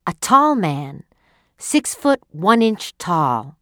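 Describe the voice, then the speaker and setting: A woman's voice: on the low side, very animated, very slow, a bit bright, no room sound, clean studio sound, heavily acted. A woman voicing an eager, wondering alien wife who tells of a strange dream, in a read-aloud story. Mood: excited.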